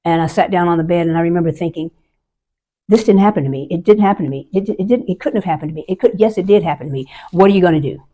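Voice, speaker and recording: With a lowish, dark voice, an older U.S. Army veteran shares something from her own life. She speaks in a sincere, hesitant manner and performs the voices of those she quotes.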